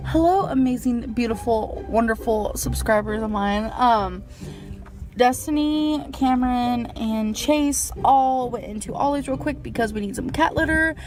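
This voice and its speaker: A woman's voice: fairly high pitch, measured pace. A woman vlogging from a parked car, rambling and chatty as she talks to her subscribers. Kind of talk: casual vlog chat.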